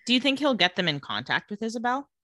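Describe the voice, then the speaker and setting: Lively, bright woman recapping a show. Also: on the high side, fast talker, no echo, clean studio sound. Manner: narrates plot step by step, asks questions. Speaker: podcast co-host recapping a TV episode. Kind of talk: casual chat.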